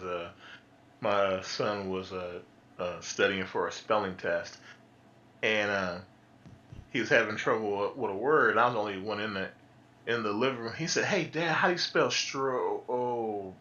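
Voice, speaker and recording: A man's voice: on the low side, steady tone, normal speed, pushed and bright. A man chatting casually on a stream, telling rambling stories and laughing often. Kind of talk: casual group chat. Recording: muffled lo-fi audio.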